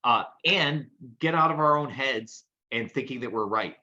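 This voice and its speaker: A man co-hosting a podcast and telling lively anecdotes in casual chat. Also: medium pitch, moderate pace, muffled recording. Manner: animated anecdotal storyteller. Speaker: podcast co-host.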